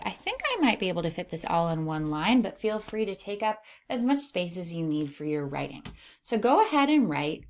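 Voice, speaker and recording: A middle-aged woman teaching a phonics lesson to young readers. She sounds out sentences slowly, word by word, and hums while she scans the page for letters. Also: lowish voice, big pitch swings. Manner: slow, exaggerated word-by-word reading aloud. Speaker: reading teacher.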